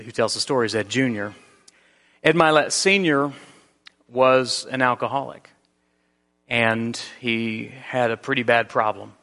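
A man preaching a sermon in a church, earnest, with slow emphatic phrases and frequent restarts. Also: mid-range voice, sharp tone. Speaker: pastor. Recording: long reverb of a large hall.

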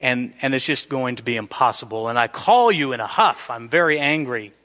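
A man preaching a sermon in a church, explaining scripture and acting out everyday scenes in a lively way. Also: mid-range voice, fairly quick, in a large hall. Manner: animated, acts out everyday scenarios. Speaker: pastor. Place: church sanctuary.

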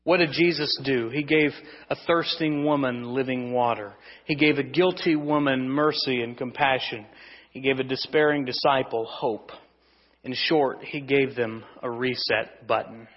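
A male pastor preaching a sermon to his congregation, swinging between loud emphasis and hushed, drawn-out lines. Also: medium pitch, fairly even intonation, in a large hall, dull audio. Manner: asks the congregation for responses. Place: church sanctuary.

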